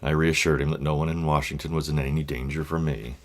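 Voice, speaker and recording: A middle-aged man vlogging, telling a rambling personal story in a blunt, profane way with wry asides and lots of halting restarts. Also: a bass voice, level tone. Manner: halting, with many fillers and restarts.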